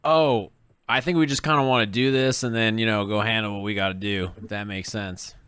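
A laid-back, jokey man playing a tabletop role-playing game. His voice is bright and clear, recorded dry and close. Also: fairly low pitch, steady tone, fairly quick, no echo. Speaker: player. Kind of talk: casual tabletop play.

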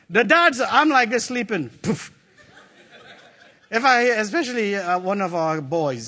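A middle-aged man preaches in a church with a high, bright voice. He is animated and playful and keeps calling out to the congregation. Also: moderate pace. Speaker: pastor. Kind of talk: sermon.

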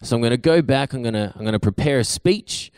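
A preacher voicing a reckless young son, pleading. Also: male voice, medium pitch, lively intonation, quick pace, a little mellow, smooth, no room sound, clean studio sound, close to an everyday voice. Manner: casual, pleading.

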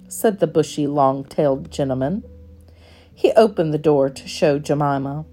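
A woman reading a children's storybook aloud in a gentle, expressive, measured way. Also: low-pitched.

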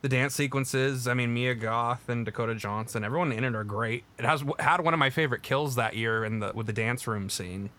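Young male co-host, bright, forceful tone, earnest and stammering while he argues for his views. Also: medium pitch, fairly quick, hardly any pauses. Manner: earnest, defends his opinions with stammered restarts. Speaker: podcast co-host. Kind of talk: casual chat.

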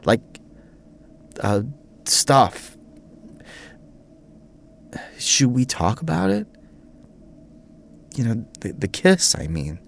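An actor playing a nervous, tipsy young priest who rambles in a flustered way. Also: male voice, mid-range voice, wildly swooping pitch, drawn-out words, vocal fry, pauses often, slight background noise, full character voice. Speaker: Father Montgomery, a priest.

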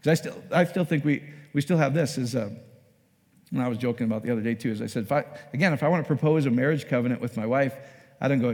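Animated preacher in an echoey hall. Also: male voice, mid-range voice, fast. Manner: conversational, animated storytelling with acted-out asides. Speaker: pastor. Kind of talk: sermon.

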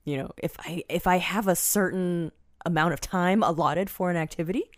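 A woman's voice: fairly low pitch, normal speed, dry recording, clean studio sound. A woman co-hosting a casual podcast, giggly and playing along with the banter. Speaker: podcast co-host. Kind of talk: casual chat. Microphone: studio mic.

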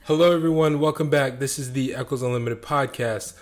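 A man's voice: medium pitch, steady tone, fairly quick. Laid-back young man hosting a podcast. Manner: easygoing, laughs often. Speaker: podcast host. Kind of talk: casual chat.

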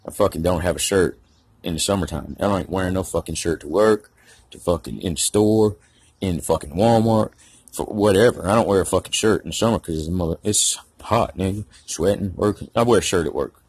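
Husky deep-voiced man rambling. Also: a little fast, darkish tone, no echo. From Georgia, US. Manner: rambling, heavy profanity, slangy. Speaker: storyteller. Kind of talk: casual storytelling monologue.

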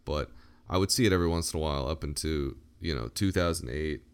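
A man's voice: extremely low pitch, fast talker, clear, resonant tone. A man in his thirties co-hosting a podcast, chatting casually and joking in a laid-back way that often trails off. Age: 30s. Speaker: podcast co-host. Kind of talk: casual chat.

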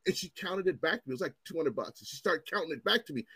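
A man in his forties tells stories in a loose, swearing ranting style, his voice leaping up and down as he acts out what others said. He sits slightly high for a man. The sound is dry and close, with no room to it. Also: rapid-fire, husky, no echo. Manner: animated, profane, acts out quotes in raised voices. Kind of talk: casual chat, storytelling.

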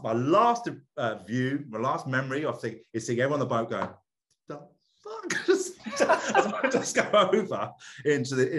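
A middle-aged man, a podcast guest, telling a story in casual chat, animated, laughing often and repeating words. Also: mid-range voice.

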